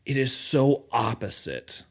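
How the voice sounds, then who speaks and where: A man's voice: mid-range voice, sing-song, slow. A man talking as a podcast guest, casual and reflective, often circling back and restarting his thoughts. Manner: reflective, many fillers and restarts, laughs lightly. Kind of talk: casual conversation.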